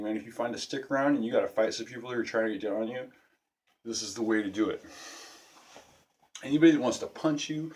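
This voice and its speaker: Young man, profane, brash, casual self-defense lesson, medium pitch. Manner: profane, brash street talk.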